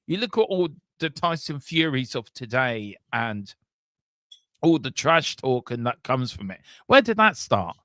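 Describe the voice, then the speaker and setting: This man rambles through a live football watchalong, animated and loose, dropping casual swears. His voice sits at an ordinary middle pitch and sounds dry and close to the mic, with no room around it. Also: measured pace, no room sound. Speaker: watchalong host.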